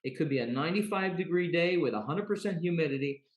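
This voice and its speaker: A man's voice: fairly high pitch, animated, fast talker. A man guest, an umpire, talking earnestly in a casual interview and often repeating words as he thinks. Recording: roomy echo.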